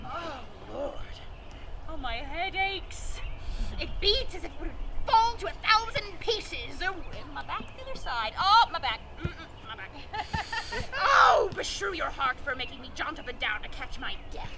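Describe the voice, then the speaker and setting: A woman's voice: extremely high pitch, big pitch swings, measured pace, exaggerated voice. A woman playing a chatty, teasing older nurse in an outdoor amateur Shakespeare performance, rambling and giggling as she complains. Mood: complaining. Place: outdoor park stage. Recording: loud outdoor noise, distant mic.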